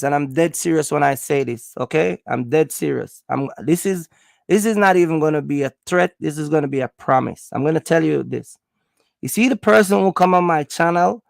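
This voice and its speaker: A man's voice: sits high, creaky, dry recording, clean studio sound. A man from Jamaica with a Jamaican accent, livestreaming from home as he rambles through a story with lots of fillers, then turns stern and warns his viewers.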